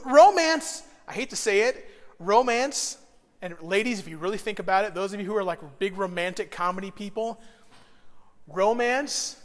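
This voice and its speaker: A pastor delivers a sermon in a high, bright-edged voice. He moves from quiet, earnest passages to loud, emphatic bursts. His voice rings with a long reverb in a church sanctuary. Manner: conversational, swings from hushed earnestness to loud bursts.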